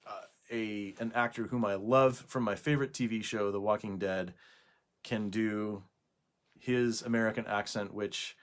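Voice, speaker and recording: A man talking casually to camera indoors for a video response, hesitant, with frequent pauses and fillers. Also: lowish voice. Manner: hesitant, with many fillers and restarts. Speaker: YouTuber making a video response. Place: indoors at night.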